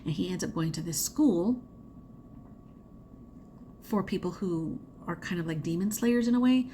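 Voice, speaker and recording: A woman's voice: fairly low pitch, measured pace, dark tone, slight background noise. Chatty woman rambling about crafts. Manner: chatty, rambling, with laughs and fillers. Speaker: crafting vlogger. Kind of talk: casual chat.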